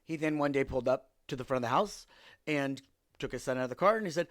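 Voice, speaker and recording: Quick and lively in intonation, with a mid-range voice, the podcast host from around Seattle recounts his neighbors' antics casually. He plays out their dialogue with a dry, exasperated edge.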